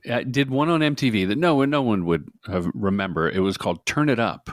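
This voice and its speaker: A middle-aged man telling stories as a guest in an interview, animated, jokey and self-deprecating. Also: fairly low pitch, fairly quick, dry recording, studio quality. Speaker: guest, commercial director. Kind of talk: casual interview storytelling.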